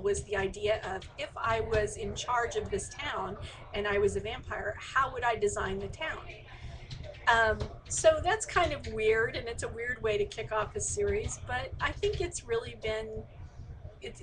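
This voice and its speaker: A woman's voice: on the high side, background noise. A woman author in a casual online Q&A, reading out audience questions and answering them chattily with plenty of fillers. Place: indoors, remote live stream.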